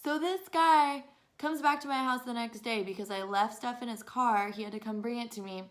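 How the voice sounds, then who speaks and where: A woman in her twenties telling stories to camera in an animated, exasperated way, often breaking into laughs. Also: fairly high pitch, fairly quick. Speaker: vlogger. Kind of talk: casual storytelling to camera.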